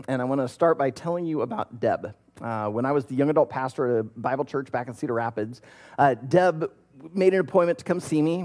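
A man's voice: medium pitch, a little mellow. A man in his thirties, a pastor, preaching a conversational sermon and telling a story with plenty of fillers and restarts.

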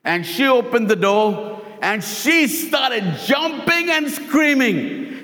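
Male pastor, high voice, animated sermon delivery, long church-hall reverb. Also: takes it slowly. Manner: animated storytelling with repeated lines.

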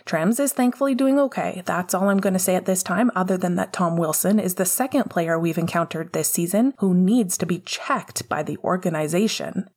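A woman's voice: lowish voice, normal speed, hardly any pauses, darkish tone. A woman voicing a blunt male hockey coach with firm, dry sarcasm at a press conference.

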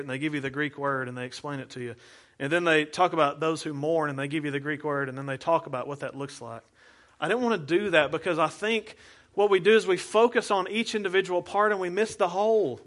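A man's voice: on the high side, sharp tone. A male pastor preaching a sermon in an earnest, conversational way, asking the congregation rhetorical questions.

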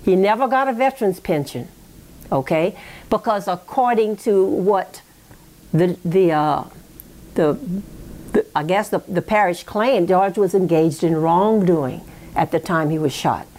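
This oral history interviewee, a woman with a fairly low, darkish voice, takes her time telling her family's story. She is reflective and digressive, frequently tossing in "you know" and "okay?".

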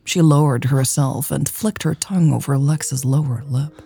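Husky, low-voiced woman reading a romance. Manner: slow, soft, intimate. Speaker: story narrator. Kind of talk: scripted romance narration. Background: faint music.

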